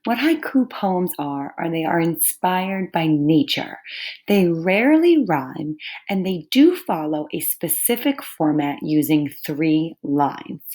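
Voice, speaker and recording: A woman teaching a recorded lesson to third graders, patient and clear, sounding out words carefully. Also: deep voice, sing-song, slow pace, darkish tone.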